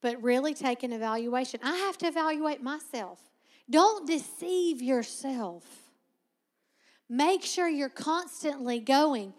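A woman preaching a sermon, teaching with lively asides and frequent laughter. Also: high voice, slow pace, in a large hall.

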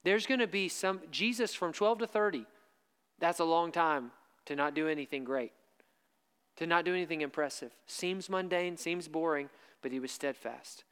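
In what sounds like a spacious church hall with long reverb, a preacher gives a sermon in a high, resonant, smooth voice with a fairly bright tone. He underlines important lines by repeating them slowly and firmly.

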